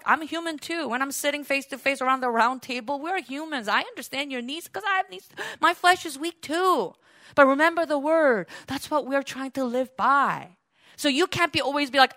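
Woman preacher, high and bright, casual animated sermon style with playful acted-out quotes. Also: dry recording, studio quality. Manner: animated, acts out quoted voices, laughs often. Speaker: pastor.

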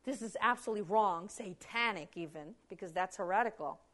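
A woman preaching a Bible sermon, posing rhetorical questions and answering them, shifting from hushed lines to loud emphasis. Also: mid-range voice, a little fast.

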